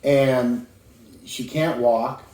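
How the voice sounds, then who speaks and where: A man interviewing calmly, summing up what he hears in short questions. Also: mid-range voice, drawn-out words, echoey room, poor audio. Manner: calm, sums up the story in questions. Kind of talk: casual interview.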